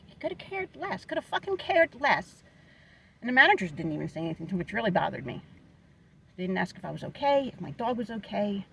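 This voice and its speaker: A woman's voice: fairly low pitch, creaky, slight background noise, rough recording. A woman vlogger telling a story in a casual, upset, rambling way, venting about what happened to her dog.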